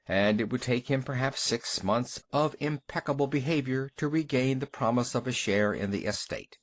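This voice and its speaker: A man narrating a short story for an audiobook in an expressive storytelling manner. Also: medium pitch.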